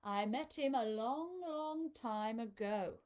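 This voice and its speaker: A woman voicing a big, ponderous Gruffalo father who speaks slowly and thoughtfully in a storybook reading. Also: animated, darkish tone. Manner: slow, thoughtful, low.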